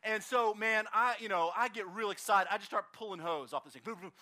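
A man preaching outdoors at a park service, telling a lively anecdote and acting out the other people in it. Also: high-pitched, brisk. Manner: animated, acts out voices in anecdotes. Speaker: pastor. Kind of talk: storytelling sermon.

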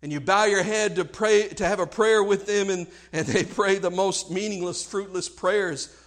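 High-voiced guy preaching a sermon, gets fired up then drops real quiet, repeats himself a lot. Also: normal speed. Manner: impassioned, swings between hushed and loud, repeats words.

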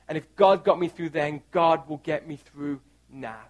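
A pastor preaching a sermon, reading scripture aloud with earnest, rising emphasis. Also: male voice, a little high, measured pace.

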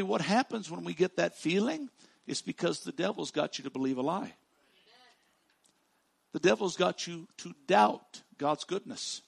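A man preaching a sermon as pastor, stressing words by repeating them and swinging from loud declarations to hushed, slow lines. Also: high voice, creaky, slightly rough.

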